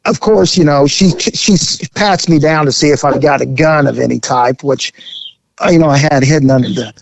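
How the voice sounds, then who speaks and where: Brief: male podcast host, somewhat high voice, rambling joking storyteller, dull dry audio. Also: normal speed, gravelly, no echo.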